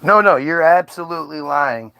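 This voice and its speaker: A man's voice: a little high, normal speed, bright, forceful tone, smooth, no room sound, poor audio. Blunt accusing American man. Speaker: streamer questioning an AI. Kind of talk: confrontational casual talk.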